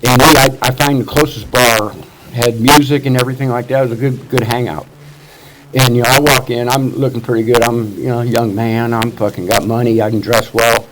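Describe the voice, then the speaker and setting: A man's voice: mid-range voice, little pitch movement, brisk, a crowd in the background, poor audio. A man in his sixties from Missouri, telling his life story at a recovery meeting in a rambling, profane way, full of "you know" fillers. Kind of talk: casual storytelling testimony. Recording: loud background noise.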